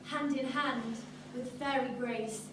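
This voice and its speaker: A woman playing a graceful fairy queen, chanting slow lilting verse on a live stage. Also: high-pitched, fairly even intonation, slight background noise. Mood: gentle. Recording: echoey hall, far off, loud music.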